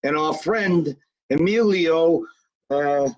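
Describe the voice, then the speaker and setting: A man's voice: fairly high pitch, lo-fi sound. A man, a guest actor bantering playfully about food and family. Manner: playful, food-loving banter, quick asides. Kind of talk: casual live show chat.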